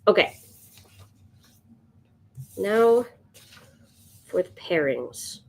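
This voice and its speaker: A woman streaming live as she sketches, chatting to viewers and thinking out loud, yawning now and then. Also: medium pitch, expressive, drawn-out words, gravelly. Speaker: livestream sketch artist. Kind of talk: casual livestream chat.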